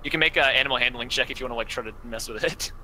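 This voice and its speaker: A man's voice: medium pitch, very fast, sharp tone, slight background noise, rough recording. A man narrating as game master, rambling through descriptions with many fillers.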